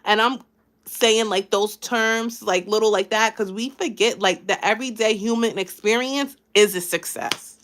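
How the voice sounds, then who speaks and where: A woman's voice: medium pitch, normal speed, a bit bright. A woman life coach hosting a live stream, chatting casually and encouraging her viewers, thanking them by name. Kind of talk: casual motivational live chat.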